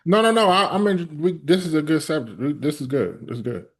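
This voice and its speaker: A man's voice: a little high, sing-song, a little fast. A man hosting a casual interview, asking curious follow-up questions. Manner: curious, asks follow-up questions with backchannel mms. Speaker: host, interviewer.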